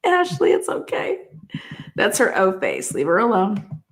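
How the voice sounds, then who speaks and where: A woman's voice: mid-range voice, huge pitch swings, unhurried, slight background noise. A woman hosting a livestream, reacting to a clip with a profane, mocking rant. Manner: swearing, mocking, bursts of laughter. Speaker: livestream host.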